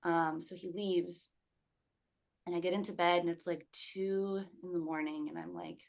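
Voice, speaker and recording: A young woman with a low-pitched voice speaks as a guest on a podcast. She tells her own story in a loose, conversational way, full of "like" fillers, and acts out the quoted words of the people in it. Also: flat delivery, measured pace, vocal fry. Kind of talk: personal storytelling.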